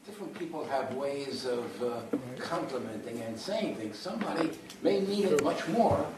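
A man's voice: mid-range voice, animated, moderate pace. A man in the class adding a thoughtful, hesitant comment during a discussion. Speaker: student in the class. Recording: distant echoey room mic with background noise.

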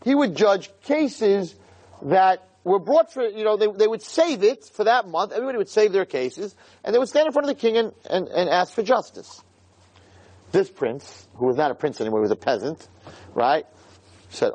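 A man giving a storytelling sermon as a religious lecturer, in a conversational, animated way. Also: high voice, normal speed, no echo.

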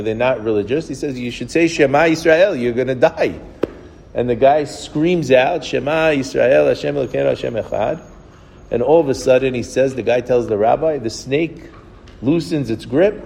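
A man's voice: mid-range voice, darkish tone, in a large hall, slight background noise. A man giving an informal Torah class, telling stories conversationally, often restarting his words and acting out the dialogue. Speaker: rabbi teaching a class.

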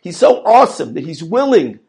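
A male religious teacher giving a lesson on prayer in a high, gravelly voice that swoops up and down. He is emphatic and repeats phrases as he builds his point, and his tone is husky. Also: sing-song, brisk, a little mellow.

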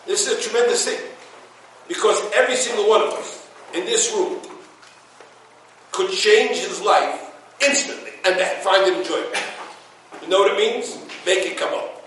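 A rabbi giving a Torah class to a room of listeners, telling stories with quoted dialogue and sprinkling in Yiddish words. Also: male voice, sits high, normal speed, long pauses, a bit bright, slight background noise. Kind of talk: Torah class before a live audience. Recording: echoey room from a distance.

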